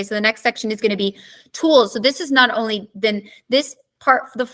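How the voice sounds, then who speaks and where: A woman teaching a live online lesson, her voice bright and forceful. She talks conversationally, pausing often to check that her students are following along. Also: medium pitch.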